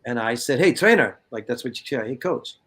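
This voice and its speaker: A man in his fifties from California, telling stories in a casual interview, animated and profane, acting out what people said. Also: mid-range voice, brisk, breathy edge. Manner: animated, profane, acts out quotes. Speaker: guest, former soccer player.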